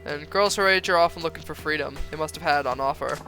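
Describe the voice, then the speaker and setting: A man playing a cocky yakuza tough who tosses off slang with easy confidence. The voice sits high and bright with a forceful edge. Faint game music plays underneath. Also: fast. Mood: offhand. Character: brash, blunt yakuza man, streetwise and cocky. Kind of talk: reading game dialogue aloud on a stream.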